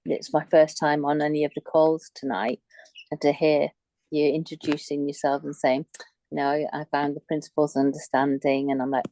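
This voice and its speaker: A woman sharing on a group video call, talking haltingly with many restarts and fillers. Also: sits low, vocal fry, dark tone, no echo, low-quality recording. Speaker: call participant.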